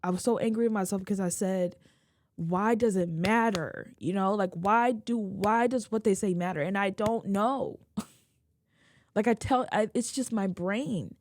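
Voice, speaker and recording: A young woman, a video creator, talking through tears in a halting, emotional confessional vlog. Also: medium pitch, darkish tone, no room sound. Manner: tearful, halting, many restarts. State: crying.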